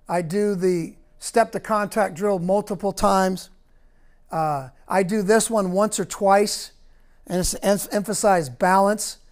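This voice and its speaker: A middle-aged man, a football coach, talking over practice film in clipped coaching cues and repeating words. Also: sits high.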